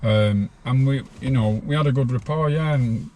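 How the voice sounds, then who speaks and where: A man's voice: mid-range voice, normal speed, a little mellow, a little hiss or hum. A man in his sixties, a podcast guest telling a rambling story from his own life in a plain-spoken way.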